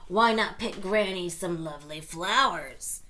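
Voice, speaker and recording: A woman's voice: on the low side, measured pace, sharp tone. Woman doing a growling, scheming big wolf. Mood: sly. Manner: growling, croaking, snarling.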